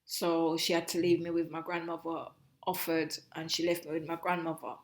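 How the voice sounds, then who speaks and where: The host's mother, a middle-aged woman from Jamaica, shares memories as an interview guest in a low, level voice. Her speech is thoughtful and halting, often cutting off a word and beginning the phrase again.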